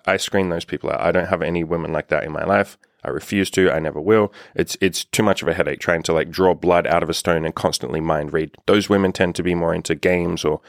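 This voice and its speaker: A man with a very low voice delivers dating advice in a loose, unscripted monologue. He talks bluntly, swears often and keeps dropping "like" between phrases. The sound is close and dry, with no room around it. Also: no echo. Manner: blunt, profane, lots of "like" fillers. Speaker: dating coach.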